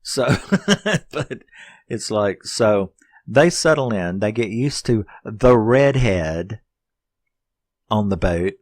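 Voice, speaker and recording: A man's voice: fairly low pitch, lively intonation, takes it slowly, long pauses, a little mellow, no echo, clean studio sound. A man casually reviewing a horror film, rambling and swearing as he retells the plot with laughs. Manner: rambling, profane, laughing storytelling.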